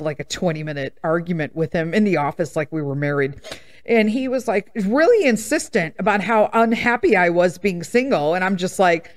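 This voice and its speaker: Podcast host, woman, 50s, blunt and sassy, very expressive pitch. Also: moderate pace. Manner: blunt, animated storytelling with laughs and sass. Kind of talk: candid casual monologue.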